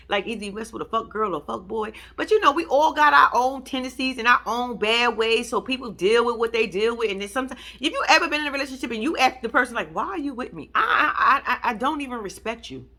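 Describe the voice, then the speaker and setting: Blunt, sassy woman with a bright voice. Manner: blunt, sassy, swears freely, swings pitch up for emphasis. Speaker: show recap host. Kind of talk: casual reality-show recap commentary.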